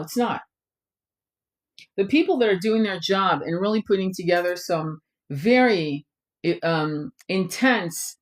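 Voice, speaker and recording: A middle-aged woman hosting her own channel, delivering a blunt, profanity-laced rant straight to camera. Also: on the low side. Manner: blunt, swearing, ranting. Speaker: tarot channel host. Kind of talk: impassioned monologue to camera.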